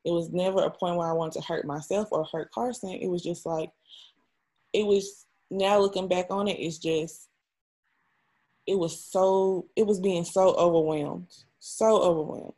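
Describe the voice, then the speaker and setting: A woman's voice: on the low side, fairly even intonation, unhurried, warm tone. A young adult woman, an interview guest, telling a personal story in a raw, emotional and frank way, often swearing.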